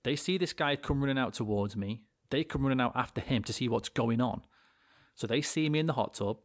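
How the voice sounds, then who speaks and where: A man's voice: medium pitch, a little fast, dry recording, clean studio sound. A young British man, a podcast co-host, telling a rambling anecdote with plenty of swearing and restarts. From Britain. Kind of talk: casual storytelling chat.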